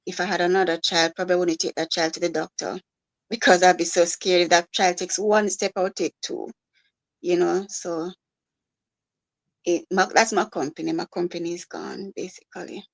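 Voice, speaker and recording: A grieving mother, talking softly and haltingly with many pauses and fillers. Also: on the low side, fairly even intonation, rough recording. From Jamaica. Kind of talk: live-stream conversation.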